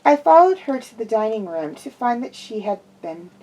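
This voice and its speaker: A woman's voice: fairly high pitch, big pitch swings, normal speed, warm tone, lo-fi sound, slight background noise. A woman reading a first-person fan fiction story aloud as an amateur storybook narrator who often slips and corrects herself. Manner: frequent slips and self-corrections.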